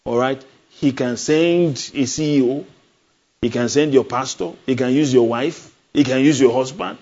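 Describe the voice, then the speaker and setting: Male pastor, mid-pitched, preaches with emphatic questions and repetition; lo-fi capture. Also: normal speed, a little mellow. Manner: emphatic, call-and-response questions, repeats phrases. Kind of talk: sermon. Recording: dull lo-fi sound.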